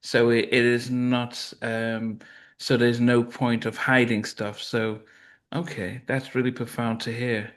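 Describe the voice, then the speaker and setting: Male interview host, middle voice, halting and searching for words. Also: mid-range voice, flat delivery, fairly bright tone. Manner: halting, stumbling questions with many restarts. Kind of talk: casual interview questions.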